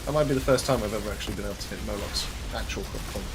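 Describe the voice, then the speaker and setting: A man's voice: lowish voice, rapid-fire, noisy background. A young man co-hosting a game stream, joking casually and laughing often. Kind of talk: casual gameplay chat.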